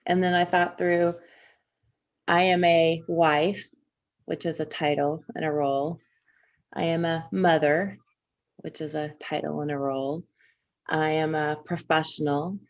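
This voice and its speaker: A woman from Indiana with a low, gravelly voice talks through her own memories in a relaxed podcast chat. She reflects as she goes and lets the stories unfold at length. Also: measured pace, pauses often, dull audio. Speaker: podcast co-host. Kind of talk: casual conversation.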